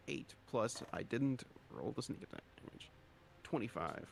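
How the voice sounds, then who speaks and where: A man's voice: mid-range voice, lively intonation, measured pace, vocal fry, slight background noise. A man playing a tabletop role-playing game, chatting casually and hesitantly, with playful swearing.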